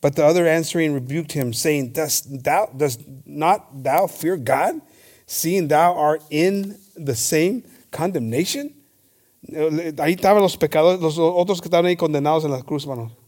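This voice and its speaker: A man in the pulpit, moving between English and Spanish as he reads scripture and preaches. His voice sits a little higher than most men's, and he stumbles and restarts words as he goes, calling out "hermanos" again and again. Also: moderate pace, a little mellow. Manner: stammers and restarts often. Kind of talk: bilingual sermon with scripture reading.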